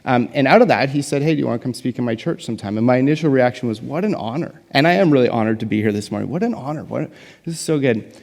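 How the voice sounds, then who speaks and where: Young guy guest preaching, jokey and chatty, bit of fry in his voice, big echoey church. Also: medium pitch, racing, a little mellow. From Canada. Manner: self-deprecating, joking, chatty with fillers. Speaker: guest pastor. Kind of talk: conversational sermon. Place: large church hall. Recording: reverberant church hall.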